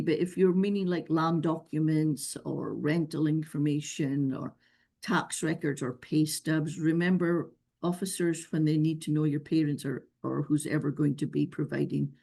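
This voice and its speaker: A woman's voice: low-pitched, vocal fry, warm tone, slightly rough. A woman with a noticeable accent, giving earnest, emphatic visa advice in a webinar Q&A over a video call. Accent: non-local accent. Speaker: visa expert answering questions.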